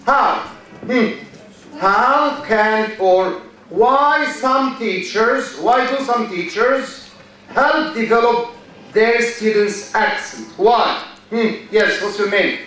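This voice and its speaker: A man giving a university lecture in a large hall, speaking slowly, repeating key phrases and quizzing his students. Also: sits high, sharp tone. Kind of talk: classroom lecture. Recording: echoey hall from far off.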